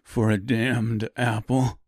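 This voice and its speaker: A man voicing a grieving, desperate male woodcutter who speaks in an anguished, pleading way in a dark audiobook reading. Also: mid-range voice, flat delivery, slow, no echo, studio quality.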